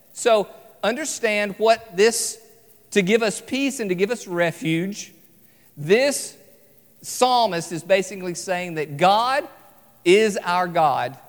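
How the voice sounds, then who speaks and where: A man preaching an evening sermon, earnest and emphatic, slowing down to stress key phrases. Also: sits high, expressive. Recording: long hall reverb.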